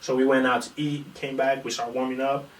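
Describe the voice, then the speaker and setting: A man's voice: mid-range voice, flat delivery, a little fast. A young man in casual podcast chat, telling a rambling, profane fight story and acting out the quotes. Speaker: podcast guest, amateur fighter. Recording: echoey room, far from mic, faint noise.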